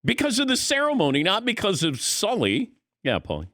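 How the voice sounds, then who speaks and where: A man's voice: sits high, brisk, dry recording, clean studio sound. A man hosting a sports talk radio show, telling a story and acting out the dialogue in casual chat. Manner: animated storyteller, acts out dialogue. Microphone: studio microphone.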